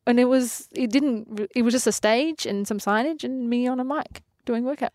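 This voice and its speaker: A woman in her twenties from Adelaide with an Australian accent, a fitness trainer telling lively stories in an interview, acting out quotes and laughing often. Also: on the high side, moderate pace, dry recording, studio quality. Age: 20s. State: pregnant. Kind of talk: casual interview.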